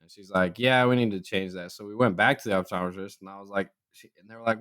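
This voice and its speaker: A young man on a casual podcast, telling a long personal story and acting out what everyone said. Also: a little fast. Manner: animated, acts out quoted voices with jumps in pitch. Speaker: podcast co-host.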